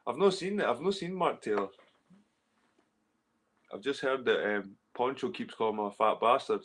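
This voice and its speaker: This Scottish livestream host has a mid-range, slightly bright voice. Going through his chat casually, he answers messages in a rambling, sweary way, often repeating himself.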